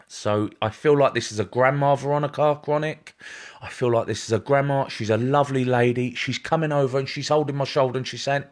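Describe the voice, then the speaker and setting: A man's voice: mid-range voice, steady tone, fairly quick. A man working as a medium, giving a live-stream psychic reading, repetitive and reassuring, addressing viewers by name.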